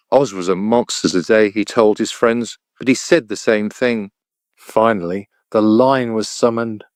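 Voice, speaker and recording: A man narrating a children's storybook audiobook in an even, clear storytelling voice. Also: on the low side, no echo, studio quality.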